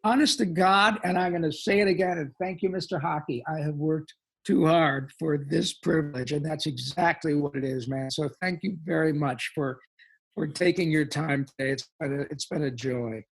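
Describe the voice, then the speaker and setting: A husky man in his sixties, talking as a podcast guest. He is playful and animated, and he breaks into funny voices in the middle of a sentence. His delivery has a slightly breathy edge. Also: a little high, normal speed. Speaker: voice actor guest. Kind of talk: casual podcast chat.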